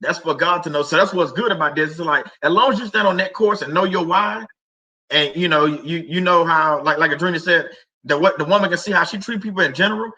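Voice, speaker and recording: Bright-voiced middle-aged man, rambling faith talk. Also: a little high, fairly quick, muffled recording. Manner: rambling, conversational, many fillers and restarts. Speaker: livestream host.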